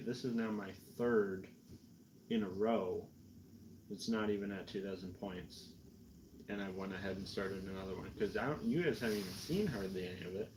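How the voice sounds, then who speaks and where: Painting miniatures on a stream, a Canadian man a little tipsy from drinking chats casually, rambling and mocking himself. His voice is fairly low, with a noisy background.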